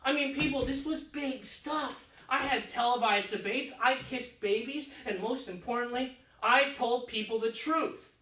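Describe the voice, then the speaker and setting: A man performing a comic theatrical monologue in a goofy, slangy, excitable manner, full of "like", in his living room. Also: extremely high pitch, moderate pace, hardly any pauses. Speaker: solo stage performer. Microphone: camera across the room. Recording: roomy room audio from a distant camera.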